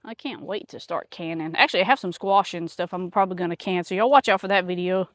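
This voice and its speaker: A woman's voice: fairly low pitch, fast talker, fairly bright tone, no room sound. Chatty woman vlogging in a garden. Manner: rambling, many fillers. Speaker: homesteader vlogger. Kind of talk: casual chat. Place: outdoors in a garden.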